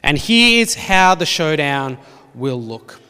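A man's voice: a little high, takes it slowly, clear, resonant tone. Preacher man in an echoing hall. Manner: expressive Bible reading with dry humour. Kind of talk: sermon. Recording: long reverb of a hall.

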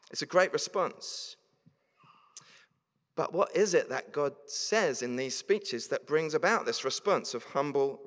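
Guy giving a sermon, mid pitch, reading bible verses then chatting about them, big echoey hall. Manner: reads scripture aloud, then explains it conversationally. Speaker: preacher. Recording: long reverb of a large hall.

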